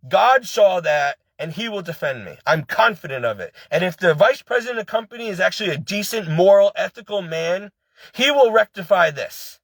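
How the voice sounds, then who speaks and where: An angry, upset man vents in a rush, circling back and repeating himself as he talks. His voice sits high for a man. The sound is dry and close, with no room around it. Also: fairly bright tone, dry recording. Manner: agitated, repetitive venting with many restarts. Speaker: ex-employee venting. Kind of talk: personal rant to camera.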